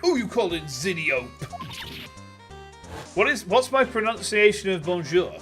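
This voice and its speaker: A man's voice: high voice, sing-song, unhurried, fairly bright tone. A man streaming a game, giving chatty, casual commentary and laughing often. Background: game music.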